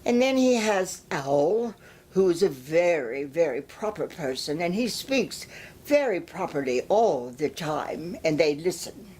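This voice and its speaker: Low-voiced woman reading a storybook. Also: expressive, a little slow, breathy edge. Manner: gentle, explanatory, with small restarts. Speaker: storybook reader. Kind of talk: reading a children's story aloud.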